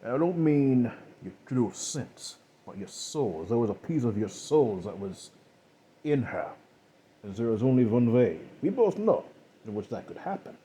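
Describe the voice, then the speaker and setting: A man voicing a calm, cold, contemptuous killer who speaks slowly and with measured mockery. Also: mid-range voice, husky. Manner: slow, measured, coldly mocking.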